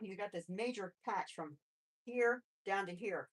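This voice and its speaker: A woman hosting a live stream about her pet rabbits, chatting casually and talking softly to the animals. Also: medium pitch, unhurried. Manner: chatty, rambling, with restarts; soft baby-talk to pets, often away from the mic. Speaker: pet channel host.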